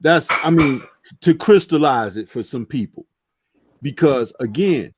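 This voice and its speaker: A man's voice: mid-range voice, animated, unhurried, background noise. A man on a boxing talk panel speaking earnestly and preachily, driving his points home with "okay" asides. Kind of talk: casual panel chat.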